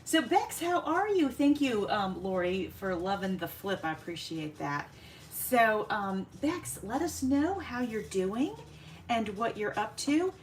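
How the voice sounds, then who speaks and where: A woman hosting a casual craft livestream, chatting warmly with viewers by name and laughing often as she works. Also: a little high, sing-song, unhurried, a little hiss or hum.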